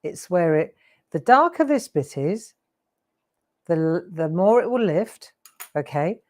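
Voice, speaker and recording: A woman's voice: on the low side, very animated, takes it slowly, a little mellow. A woman in her sixties hosting a live craft show, chatty and rambling with laughing asides. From England. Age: 60s. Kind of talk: live craft demo chat.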